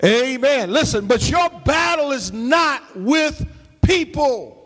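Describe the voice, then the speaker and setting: High-voiced preaching pastor in a hall. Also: male voice, lively intonation, takes it slowly. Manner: call-and-response preaching, shouting and half-singing. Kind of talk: sermon. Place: church sanctuary.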